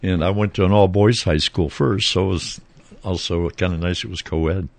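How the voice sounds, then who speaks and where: A man hosting a casual chat, asking questions in a relaxed, halting way. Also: sits low, creaky, no echo. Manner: relaxed, hesitant questioner with fillers. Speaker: host.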